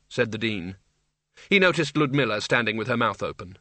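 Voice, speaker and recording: A man's voice: fairly low pitch, expressive, fairly quick, sharp tone, no room sound. Man narrating a comic fantasy audiobook.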